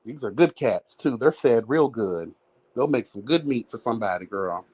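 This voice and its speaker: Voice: medium pitch, expressive, normal speed, a little mellow, husky. A livestream host talking casually at home, sassy and chatty, calling listeners girl and honey. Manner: breaks into bits of song and laughs. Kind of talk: casual gossip commentary. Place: home, with cats.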